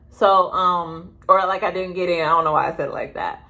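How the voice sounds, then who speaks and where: A young woman telling a story to her viewers in a casual vlog, rambling and chatty with quick asides. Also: lowish voice, bright, forceful tone. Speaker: vlogger. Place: indoors, sitting at home.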